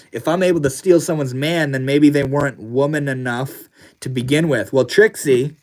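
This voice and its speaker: A man hosting a casual livestream, reading viewer comments aloud in a laid-back, slangy way. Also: medium pitch. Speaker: livestream host.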